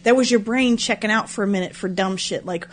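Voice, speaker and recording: A woman's voice: mid-range voice, a little fast. Woman, 30s, podcast co-host; loose, profane, self-deprecating banter. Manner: profane, self-mocking, laughs often. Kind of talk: casual chat.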